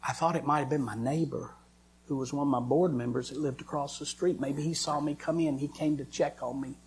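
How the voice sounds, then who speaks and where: A man, a preacher giving an emotional sermon testimony and swinging from loud lines to hushed whispers. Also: on the high side, steady tone, brisk, a little hiss or hum.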